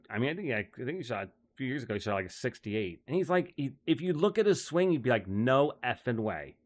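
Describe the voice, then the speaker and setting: Male caddie host, mid-pitched, loose rambling delivery full of fillers and chuckles. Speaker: golf caddie and show host. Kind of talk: casual rambling monologue.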